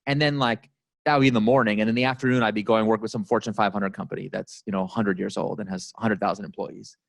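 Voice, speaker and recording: A man's voice: fairly low pitch, steady tone, fast, gravelly, dry recording, studio quality. A man giving a casual storytelling talk to a live audience as a guest speaker, chatty and full of "like" and "you know". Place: company office event space.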